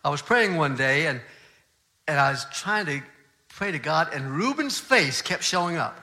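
An older man, a pastor, telling a story in a sermon, animated at times and dropping to a soft near-whisper in the quiet parts. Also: fairly high pitch, moderate pace.

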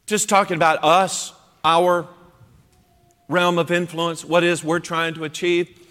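A man preaching a sermon in an animated, emphatic way, acting out quoted voices as he goes. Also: fairly high pitch, a little slow, smooth. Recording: long hall reverb.

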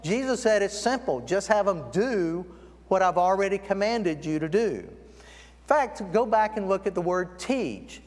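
Brief: male preacher, high voice, storytelling sermon, recorded in a church with a long reverb tail. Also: very animated, a little mellow. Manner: storytelling, slows down to stress key words. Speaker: guest preacher. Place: church sanctuary.

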